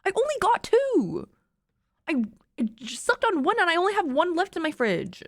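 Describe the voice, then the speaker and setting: A woman's voice: very high voice, very animated, normal speed, dry recording, studio quality. A young woman streamer reading a story aloud and breaking off into laughing, swearing, rambling asides. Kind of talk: reading fanfiction aloud with reactions.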